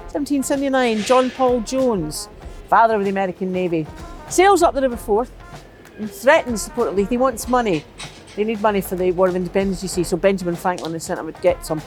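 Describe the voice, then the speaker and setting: A woman's voice: mid-range voice, darkish tone. A middle-aged woman telling history as comedy, with wry, playful asides in a mock-serious tone. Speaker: comic history guide. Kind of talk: comic historical storytelling.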